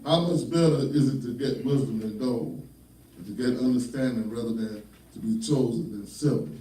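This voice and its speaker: A man's voice: medium pitch, moderate pace, mellow, slight background noise. An older man, a pastor, preaching a folksy sermon full of humorous stories and stern warnings. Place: church. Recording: roomy church sound from far off.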